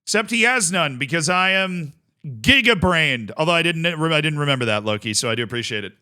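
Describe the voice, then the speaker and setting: A man streaming a game live, talking casually into his desk mic. His voice sits a little high, with a smooth, crisp tone. He reads chat aloud and now and then bursts into excited shouts. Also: moderate pace. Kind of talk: casual live-stream commentary while playing.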